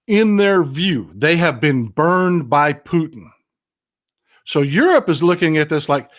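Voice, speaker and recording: A middle-aged Texan-accented man hosts a casual political livestream, speaking into a desk microphone in an animated, folksy way and swearing freely. His voice is fairly high-pitched.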